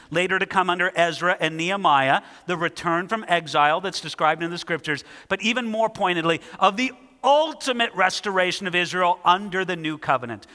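A man preaching a sermon, reading scripture aloud and speaking it with lively emphasis. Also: sits high, long reverb tail. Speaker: pastor.

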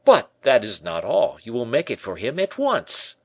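A shrewd musketeer captain cajoles and presses his point briskly with a firm, lively voice, as a male narrator puts him on. His pitch rises and falls with animation. The recording is dry and close. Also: husky, no room sound, heavily acted. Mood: cajoling.

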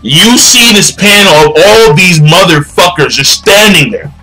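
An excitable young man rants through an anime review in a high, bright voice, swearing freely and tripping over his own restarts. Faint music plays behind him. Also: a little slow, poor audio. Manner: excitable, profane, stammering restarts. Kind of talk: ranting video commentary.

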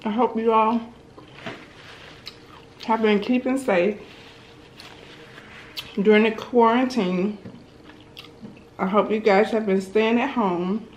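A woman's voice: on the high side, steady tone, slow, pauses often. A woman vlogger chatting casually to viewers while eating, sometimes talking with her mouth full. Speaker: mukbang vlogger. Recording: roomy echo with faint background noise.

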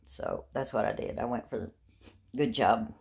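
Middle-aged woman vlogger, deep and fried voice, handheld phone, chatty and rambling. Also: huge pitch swings, moderate pace, vocal fry, darkish tone. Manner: rambling and chatty, with repeated words and self-mocking laughs. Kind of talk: casual talk to camera.

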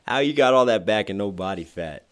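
A man with a somewhat low, hoarse voice gives music reaction commentary as a rapper. He talks animatedly, unpacking each lyric's double meanings as he goes. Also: brisk. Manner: animated, unpacking wordplay line by line.

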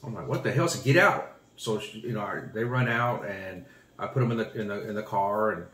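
A man from Texas in his forties, co-hosting a family channel and telling a story in relaxed, rambling casual chat. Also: fairly low pitch, fairly quick. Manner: relaxed, rambling, short agreeing replies. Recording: echoey room.

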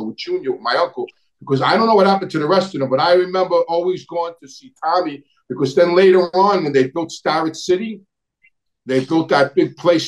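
A middle-aged guest recounts his family history in a casual, rambling conversation full of long stories. His voice is a little high, and he often restarts sentences, trails off, and pauses to search for names. The recording is rough.

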